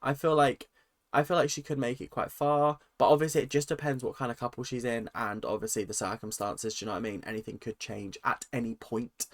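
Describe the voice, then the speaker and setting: A man, chatting through a casual, opinionated rant vlog full of lively asides. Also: medium pitch, fairly quick. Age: 20s. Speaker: vlogger.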